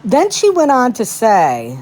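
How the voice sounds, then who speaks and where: A woman's voice: a little high, wildly swooping pitch, slow pace, darkish tone, slight background noise. A woman ranting in casual commentary on a phone livestream, indignant and piling up rhetorical questions.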